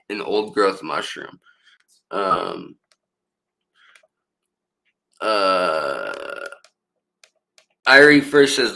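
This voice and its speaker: A man's voice: deep voice, pushed and bright, low-quality recording. A man hosting a casual livestream, rambling with many fillers and restarts while he reads out and answers viewer comments. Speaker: livestream host.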